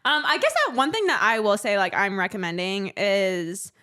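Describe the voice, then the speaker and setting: A woman's voice: medium pitch, sing-song, moderate pace, sharp tone, clear, resonant tone. A woman in her twenties, a podcast guest chatting casually, rambling with lots of fillers and trailing off. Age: 20s. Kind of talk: casual chat.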